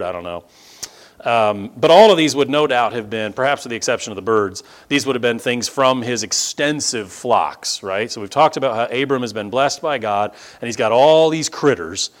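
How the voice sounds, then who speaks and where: A man preaching a conversational sermon, animated and full of asides, who also teaches students. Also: on the low side. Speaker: pastor and teacher.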